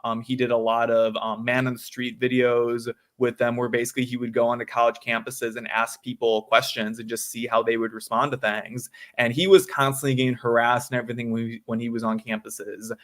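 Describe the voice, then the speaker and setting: A nineteen-year-old student activist appears as a guest in a casual interview, speaking briskly with few pauses. His medium-pitched voice is flat, and his speech is heavy with fillers, saying "um" and "like" a lot.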